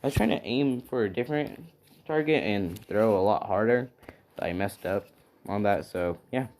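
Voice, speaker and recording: A man voicing an easygoing young male hero student in a retold fan story, speaking in a relaxed, offhand way. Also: lowish voice, normal speed, lightly acted.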